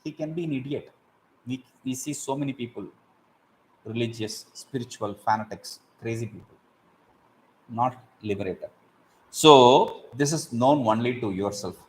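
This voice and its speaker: Animated man teaching scripture. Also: mid-range voice, measured pace, pauses often, rough recording. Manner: animated, acts out examples, chants Sanskrit verses. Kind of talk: explaining Sanskrit verses in a class.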